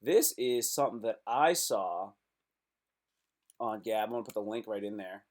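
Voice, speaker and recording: A man's voice: fairly low pitch, normal speed, a little mellow. A man hosting a casual live stream, reacting aloud to web posts in a loose, slangy way.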